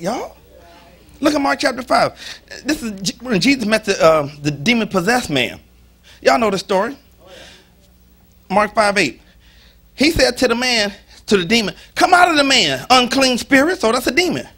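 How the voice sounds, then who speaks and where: A male pastor preaching a sermon in a church, folksy and animated, acting out the voices of biblical figures as he tells their stories. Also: very high-pitched, breathy edge.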